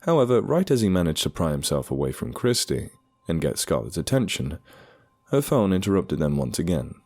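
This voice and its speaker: A man narrating a horror story with expressive storytelling. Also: sits low, brisk. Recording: dark music underneath.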